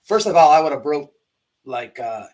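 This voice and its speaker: A man's voice: fairly high pitch, expressive, moderate pace, darkish tone. Rambling man hosting a livestream. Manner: rambling, emphatic, many restarts. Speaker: host. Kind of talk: livestream commentary.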